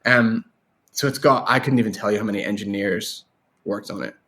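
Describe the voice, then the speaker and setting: An Irish man, a guest songwriter, talking in a rambling, animated way in a casual interview. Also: fairly low pitch, a little fast. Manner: rambling, animated storyteller with laughs and restarts.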